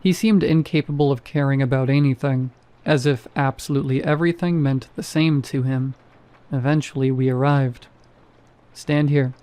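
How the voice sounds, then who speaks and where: A man narrates a first-person horror story with a wry, conversational touch. His voice is mellow and dark-toned, sitting at an ordinary middle pitch. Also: fairly even intonation, normal speed.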